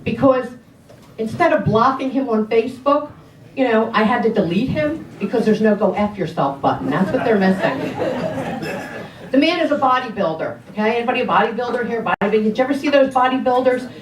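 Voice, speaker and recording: A woman's voice: fairly high pitch, animated, a little fast. A middle-aged woman doing a stand-up comedy set, brash and sassy, talking straight to the audience. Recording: roomy sound from a distance.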